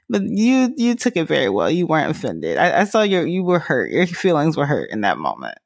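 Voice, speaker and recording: A young woman hosts a laid-back podcast chat and keeps teasing and laughing. Her voice sits low with a gravelly fry and jumps around a lot in pitch. The sound is dry and close. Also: huge pitch swings, moderate pace, dry recording. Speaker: podcast host. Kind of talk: casual chat.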